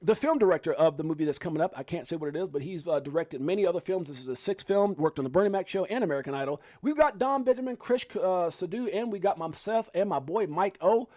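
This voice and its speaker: Brief: high-voiced Chicago man, rapid-fire livestream host, dry close sound. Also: dry recording. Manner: fast, excitable, shouting out viewers. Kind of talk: hyped casual livestream chat.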